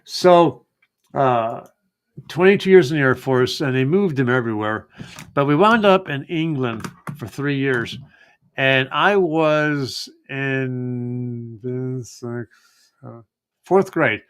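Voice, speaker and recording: A man's voice: medium pitch, takes it slowly, clear, resonant tone. A middle-aged man hosting a live genealogy show, chatting casually with lots of fillers and restarts. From United States. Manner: rambling, many fillers and restarts. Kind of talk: casual live-stream chat.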